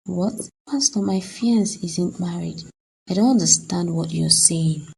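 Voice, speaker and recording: A woman's voice: lowish voice, unhurried, darkish tone, exaggerated voice, low-quality recording. A woman voicing a heartbroken, betrayed young fiancée in a cartoon, talking in a distressed, accusing way. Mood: angry. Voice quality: husky, gravelly. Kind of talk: cartoon voice acting.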